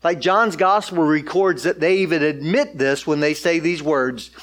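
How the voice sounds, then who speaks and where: Guy preaching, high voice, chatty, says "like" a lot while reading scripture. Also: normal speed, hardly any pauses, a bit bright. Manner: casual, conversational, frequent "like". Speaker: pastor. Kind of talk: sermon with Bible reading.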